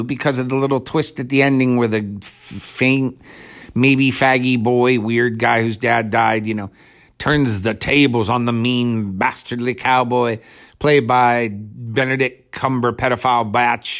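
A man's voice: medium pitch, a bit bright. A man giving a rambling, casual movie review rant in a sarcastic, crude and irreverent way, with mocking asides.

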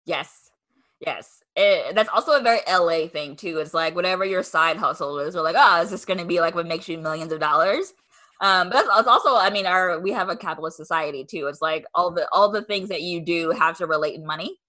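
A woman's voice: lowish voice, brisk, sharp tone. A young woman hosting a podcast, chatting casually with many "like" fillers and acting out what people said to her. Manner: chatty, lots of "like" fillers, acts out quoted replies. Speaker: podcast host.

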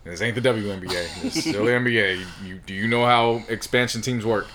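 Podcast guy talking sports, bright tone, gets loud and laughy, little hiss behind. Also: quick pace. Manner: animated, laughs often, jumps high when telling stories. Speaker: podcast co-host. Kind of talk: casual sports chat.

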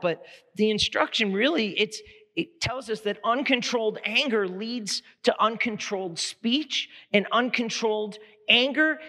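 Bright, animated preacher in a reverberant hall. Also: male voice, high-pitched. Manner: animated, repeats words while building a point. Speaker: pastor. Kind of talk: sermon with comic storytelling.

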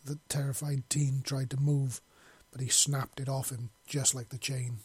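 A man narrating a fiction chapter in a steady, plain storytelling way. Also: mid-range voice, a little slow, breathy edge, dry recording. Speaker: audiobook narrator.

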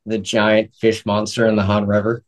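A man's voice: fairly low pitch, monotone, moderate pace. A man co-hosting a casual film podcast, joking and laughing easily. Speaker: podcast co-host.

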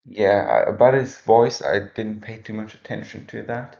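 Deep gravelly man weighing up a movie. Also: normal speed, highs cut off. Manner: calm, reasoning, counters points. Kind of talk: casual movie review chat.

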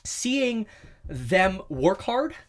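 A man being interviewed in a sauna, overheated with his heart racing, telling animated stories and acting out other people's voices. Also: sits high, extremely slow. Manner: animated storyteller who acts out quoted voices. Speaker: guest. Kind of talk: casual interview chat. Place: inside a sauna.

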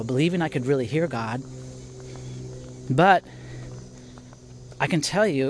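A man's voice: on the high side, a little hiss or hum. A middle-aged man hosting a podcast, giving a casual devotional talk while walking outdoors, thinking aloud with restarts. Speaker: podcast host.

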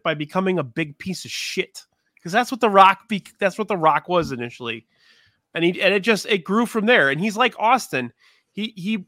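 Bright-voiced man rambling on a podcast. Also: high voice, dry recording, studio quality. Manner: rambling, profane, enthusiastic. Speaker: podcast panelist. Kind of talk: casual podcast chat.

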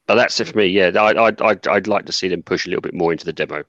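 A man's voice: low-pitched, rapid-fire, fairly bright tone, dry recording. A man co-hosting a gaming podcast, earnest and thinking aloud. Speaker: podcast co-host. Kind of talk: casual panel chat. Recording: dull lo-fi mic.

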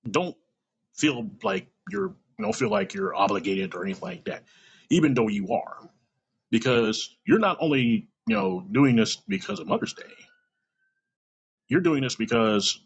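Gravelly, husky-voiced man telling stories. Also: mid-range voice. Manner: blunt, profane storytelling with laughs. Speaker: podcast host. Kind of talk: casual monologue. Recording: dull lo-fi recording.

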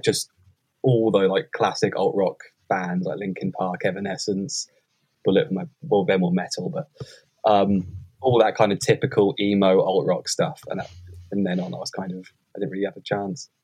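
A man's voice: deep voice, flat delivery, moderate pace, a little mellow, breathy edge. A man, a guest musician, talking hesitantly with lots of fillers in a casual chat.

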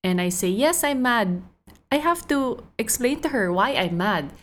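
A woman's voice: mid-range voice, animated, normal speed. A Filipino woman hosting a solo podcast, telling a personal story in a conversational, thoughtful way. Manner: conversational, thoughtful, mixing languages freely. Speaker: podcast host.

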